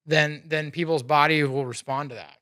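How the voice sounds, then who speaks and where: A man's voice: fairly high pitch, steady tone, normal speed, bright, forceful tone, dry recording. Earnest man explaining in casual chat. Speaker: podcast co-host.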